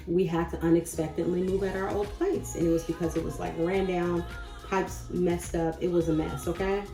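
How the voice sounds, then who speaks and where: A woman in her thirties talking casually and encouragingly to camera about faith and change, chatty and goofy, with sudden loud bursts. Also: fairly low pitch, flat delivery, moderate pace. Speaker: spiritual vlogger. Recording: echoey room with faint music.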